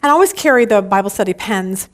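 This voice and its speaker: A woman's voice: medium pitch, expressive, fast. A woman leading a church Bible study class, talking earnestly and emphatically, often restarting her sentences.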